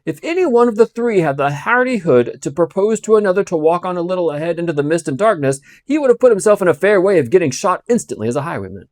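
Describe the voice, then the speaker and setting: A man's voice: sits high, fast, few pauses, no echo. Dry-voiced male storybook narrator. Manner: expressive storytelling. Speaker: audiobook reader. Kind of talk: classic novel narration.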